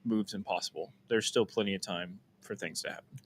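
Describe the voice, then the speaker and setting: A man's voice: fairly low pitch, brisk, husky. Chatty young man on a live stream. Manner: animated, laughs often, trails off and restarts. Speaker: co-host. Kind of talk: casual live-stream chat.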